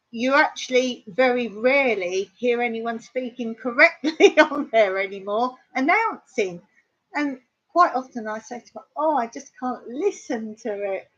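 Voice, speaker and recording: A woman's voice: on the high side, a bit bright. Chatty Englishwoman, lo-fi live stream. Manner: chatty storyteller, laughs often, mimics others' pronunciation. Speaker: livestream host. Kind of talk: casual live-stream chat. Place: home in rural Cyprus. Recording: dull lo-fi sound.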